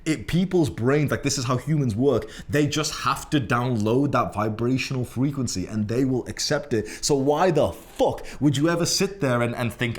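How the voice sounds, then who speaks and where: A man's voice: mid-range voice, normal speed, few pauses. A young man with a Liverpool accent giving a brash, profane motivational monologue to camera, swearing constantly and emphatically. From England. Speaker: self-improvement creator.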